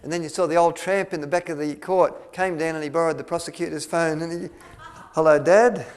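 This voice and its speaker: A man's voice: on the high side, little pitch movement, quick pace, smooth. Aussie guy telling a long story to a crowd, lots of ums and restarts, acts out the lines. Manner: rambling, with many restarts and fillers, acting out quotes. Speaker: speaker at a health retreat. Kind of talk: storytelling talk to an audience.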